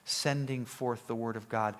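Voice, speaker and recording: A man's voice: medium pitch, fairly even intonation, unhurried, a bit bright. A man preaching a sermon in an emphatic, conversational way, often restarting phrases.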